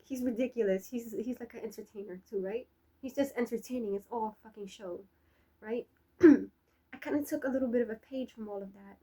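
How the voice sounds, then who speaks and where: A young woman talks off the cuff in a breathy, slightly husky voice that sits a touch high. Her chat is loose and profane, full of laughter and trash talk, like an unscripted personal vlog. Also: darkish tone, poor audio. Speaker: vlogger. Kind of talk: rambling personal monologue.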